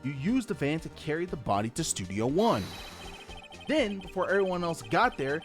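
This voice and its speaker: A young defense lawyer lays out his case point by point, read by a man playing a courtroom game. His pitch moves a lot, and faint game music plays behind him. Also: sing-song, moderate pace. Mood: accusing. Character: young male defense lawyer pressing an accusation.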